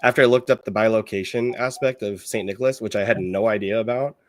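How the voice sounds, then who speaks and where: A man hosting a podcast, talking in a relaxed, chatty way with his guest. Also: on the low side, fast, dry recording, clean studio sound. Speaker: podcast host. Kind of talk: casual podcast conversation.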